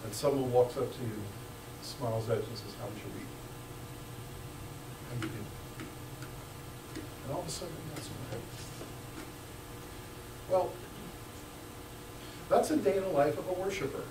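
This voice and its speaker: A man preaching a sermon as pastor, lively and joking, swinging between hushed asides and loud bursts. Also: on the high side, normal speed, long pauses, noisy background. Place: church sanctuary. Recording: echoey church room, mic at a distance.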